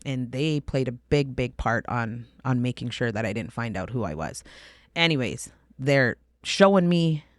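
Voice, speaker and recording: A woman's voice: extremely low pitch, normal speed, no room sound, clean studio sound. Emphatic woman telling her story. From Canada. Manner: emphatic, animated, drops to a hushed voice for intense moments. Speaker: podcast guest. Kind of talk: candid conversational storytelling.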